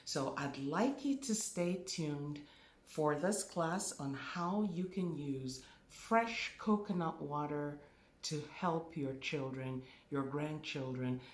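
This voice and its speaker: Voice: medium pitch, slow. A spiritual teacher giving a spoken class, stressing and repeating key words. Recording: roomy echo.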